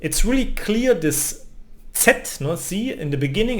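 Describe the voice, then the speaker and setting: German-accented man teaching, slightly high voice. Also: sing-song, a little slow, fairly bright tone, slight background noise. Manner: ends phrases with a questioning "no?". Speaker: language teacher. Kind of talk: explaining lesson.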